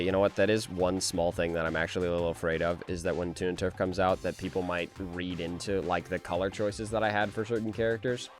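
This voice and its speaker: A young man doing casual reaction commentary, rambling and jumpy, often laughing and breaking into high shrieks of surprise. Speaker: animator and video host.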